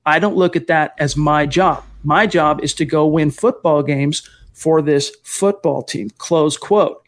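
A man's voice: a little high, a little slow. A man hosting a sports podcast, talking at length with detours and self-corrections. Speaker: podcast host. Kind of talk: casual sports podcast chat.

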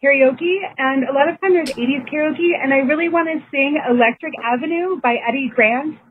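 A woman's voice: high voice, a little fast, slight background noise. A woman from Chicago leaving a hesitant, self-conscious voicemail question for a podcast. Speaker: caller. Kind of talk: voicemail message. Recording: husky phone-line voicemail.

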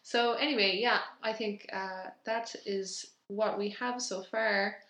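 A woman co-hosts a podcast, talking casually in a mid-range voice that is slow, steady and sharp in tone. She rambles, leans on lots of fillers and keeps restarting her sentences. The room she's recorded in is echoey.

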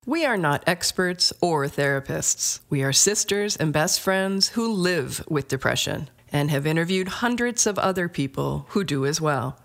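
Woman reading a podcast opening, lowish voice. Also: expressive, unhurried, vocal fry, few pauses. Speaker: podcast co-host. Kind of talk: scripted podcast intro.

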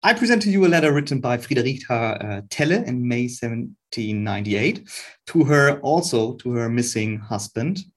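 A man's voice: mid-range voice, expressive, normal speed. A man, a guest researcher, explaining a historical letter in an earnest, careful way, with frequent restarts.

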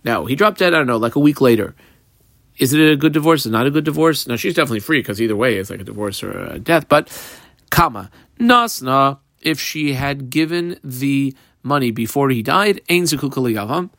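Man, Talmud class teacher, lively swooping delivery, dry close sound. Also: medium pitch, fairly quick, gravelly, no room sound. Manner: animated, mixes Hebrew-Aramaic terms into English explanation. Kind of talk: daily page Talmud class.

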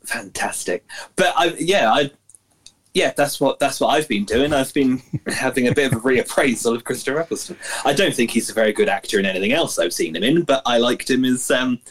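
A man's voice: medium pitch, brisk. A man on a podcast panel chatting casually, laughing often and apologizing in a joking way.

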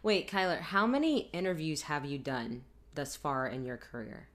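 A woman co-hosting a casual interview, bubbly and quick with her questions. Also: deep voice, big pitch swings, a crowd in the background. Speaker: co-host.

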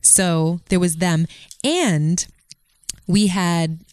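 Lively low-voiced woman telling stories. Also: very slow, clean tone. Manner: animated storyteller, laughs often. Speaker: podcast co-host. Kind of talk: casual chat.

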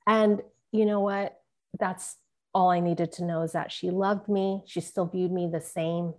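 A woman's voice: fairly low pitch, fairly even intonation, a little slow, darkish tone. A middle-aged woman, a guest, telling an emotional personal story in an earnest, tearful way.

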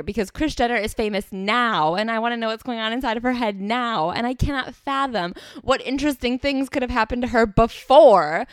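A woman's voice: a little high, a little fast, hardly any pauses, clean tone, no room sound, clean studio sound. A young woman co-hosting a podcast, casual and playful with self-deprecating quips. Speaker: podcast co-host. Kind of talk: casual chat.

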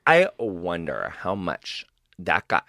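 A man's voice: low voice, huge pitch swings, takes it slowly, creaky, sharp tone, no echo, clean studio sound. A male podcast host chatting with a guest in a gushing, effusive way, full of "like" and "oh my God". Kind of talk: casual celebrity interview chat.

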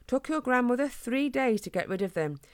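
A woman's voice: a little high, lively intonation, brisk, smooth, dry recording, pitched above the performer's own voice, close to an everyday voice. Woman reading as father hedgehog, storybook dad, chatty and folksy, dry close sound. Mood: fond.

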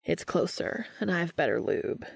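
A woman reading a fan fiction audiobook, voicing a calm, intense adult man with a deep, gravelly voice and a low, measured delivery. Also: no echo, studio quality, exaggerated voice. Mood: teasing.

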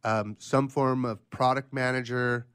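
A man's voice: medium pitch, flat delivery, unhurried, a bit bright, clean tone. Man host summarizing casually. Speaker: podcast co-host. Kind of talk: business podcast interview.

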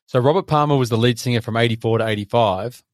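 A man co-hosting a film review podcast, relaxed and sharing trivia. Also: medium pitch, fast, no room sound, studio quality. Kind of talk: casual film review chat.

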